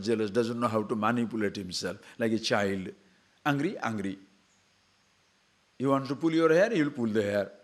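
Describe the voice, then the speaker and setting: An older man giving a spiritual discourse, talking conversationally with mocking asides and acted-out quotes. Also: mid-range voice. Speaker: spiritual teacher.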